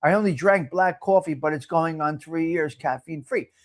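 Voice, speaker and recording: A man's voice: fairly high pitch, normal speed. A man hosting a live talk show, brash and profane, repeating himself as he riffs. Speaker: host.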